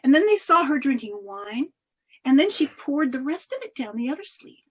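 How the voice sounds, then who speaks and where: A woman telling a folk tale over a video call, expressive, with dramatic swings of loudness. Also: sits high, normal speed. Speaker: storyteller. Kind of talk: oral folk-tale storytelling.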